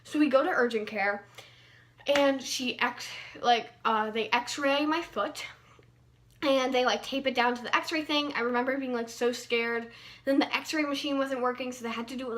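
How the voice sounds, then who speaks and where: A young woman chats through a personal story for her vlog, full of fillers and playful bursts of emphasis. Her voice sits high and sounds bright and lively. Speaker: vlogger.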